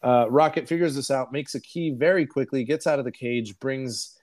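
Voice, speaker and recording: A man co-hosting a podcast, recapping a film in a rambling, profane, animated way. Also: medium pitch, normal speed. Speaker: podcast co-host. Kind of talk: casual movie review chat.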